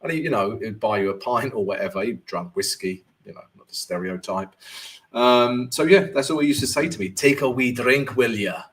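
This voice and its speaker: A man's voice: fairly low pitch, lively intonation, a little fast. A man hosting a live-stream Q&A as a forex trading coach, chatty and jokey, constantly checking in with "right?".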